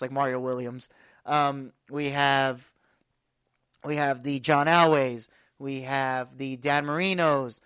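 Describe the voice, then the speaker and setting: A woman's voice: sits low, clear, resonant tone, no echo. A woman in her twenties hosting a sports podcast, talking casually and rambling with fillers. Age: 20s. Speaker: podcast host.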